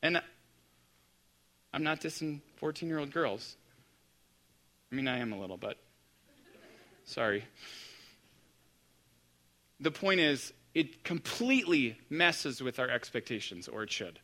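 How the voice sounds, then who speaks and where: A man preaching a conversational sermon, animated and dryly self-deprecating. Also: mid-range voice, measured pace, pauses often. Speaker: pastor.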